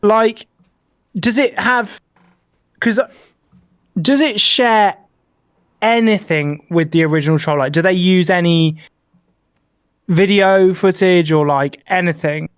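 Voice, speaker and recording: A man co-hosting a casual podcast over a video call, asking short, quick questions. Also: high voice, fairly even intonation, clear, resonant tone, no room sound. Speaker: podcast co-host. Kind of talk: casual chat.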